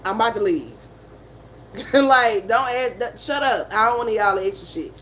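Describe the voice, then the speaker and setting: A woman's voice: fairly high pitch, normal speed, a little hiss or hum, poor audio. Laughing, profane Southern American woman. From Southern United States. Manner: profane, laughing, animated storytelling. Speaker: motivational streamer. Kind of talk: casual storytelling chat.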